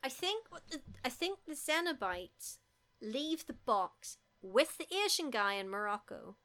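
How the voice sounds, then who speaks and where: A woman's voice: sits high, very animated, unhurried, sharp tone. A woman co-hosting a podcast, chatting casually and rambling with dry humour. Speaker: podcast co-host. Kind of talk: casual chat.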